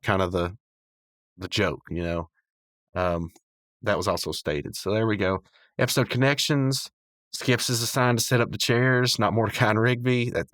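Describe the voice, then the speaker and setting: Low-voiced man rambling through a recap. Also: a bit bright, no room sound, clean studio sound. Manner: rambling, filler-heavy, chuckles often. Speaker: podcast host. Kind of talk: casual episode recap.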